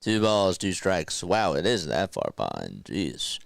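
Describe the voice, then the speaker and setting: Man, fan baseball play-by-play, low voice, smooth and clear, dry close sound, chatty and jokey. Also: huge pitch swings, measured pace, dry recording. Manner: chatty, reads viewer comments aloud between pitches; jokey, laughs at himself. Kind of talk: casual live play-by-play commentary.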